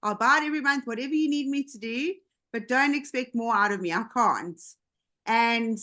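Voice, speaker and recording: A woman on a video call telling her own story in a lively, chatty way, slipping into quoted dialogue. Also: medium pitch. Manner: animated, jumps into quoted dialogue. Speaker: team member sharing her story on a call. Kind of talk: casual storytelling.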